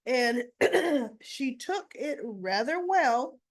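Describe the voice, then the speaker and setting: A woman casually recapping a soap opera episode, retelling scenes with quoted lines, her voice a little rough. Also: high-pitched, expressive. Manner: slow, chatty retelling with quoted dialogue. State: slightly rough voice after choking.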